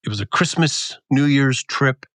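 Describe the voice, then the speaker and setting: Co-hosting a podcast, a man with a mid-range voice talks a little slowly as he tells a story in casual conversation, animatedly acting out the people in it. The recording is studio quality with no room sound.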